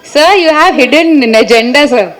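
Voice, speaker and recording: A woman's voice: high voice, expressive, normal speed, a bit bright, poor audio. A woman actress answering press questions in a chatty, playful way, laughing often and restarting her sentences. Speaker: actress at a film press meet. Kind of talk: casual press-meet answers.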